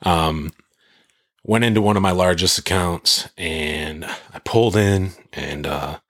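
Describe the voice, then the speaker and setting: A man with a very low, husky voice recounts his experiences in a relaxed chat, swearing freely and building the story with energy. The sound is dry and close, with no room around it. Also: slow pace, no echo. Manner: profane, animated storyteller. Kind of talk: casual chat.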